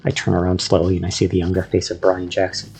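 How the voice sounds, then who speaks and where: A man reading a first-person story aloud with steady, measured narration. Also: low-pitched, slightly rough, soft background music. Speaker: audiobook narrator.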